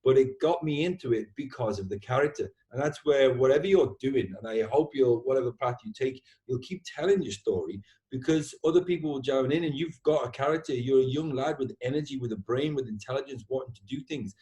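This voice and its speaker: Animated swearing male podcast host. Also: medium pitch, brisk, few pauses. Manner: animated, swears freely, says "man" a lot. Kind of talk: casual heartfelt chat.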